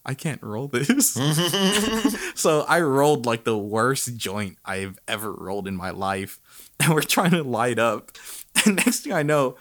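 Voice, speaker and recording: A man's voice: medium pitch, slow pace. A man in his twenties telling a story in casual chat, laughing and acting out quoted lines. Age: 20s. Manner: laughing animated storyteller with lively quoted voices.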